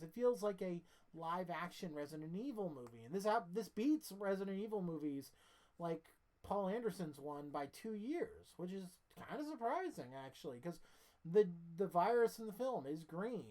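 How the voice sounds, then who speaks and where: A woman's voice: on the low side, darkish tone. A sleepy woman giving a casual, rambling film review as the channel host, often restarting her sentences and swearing casually. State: sleepy, yawning.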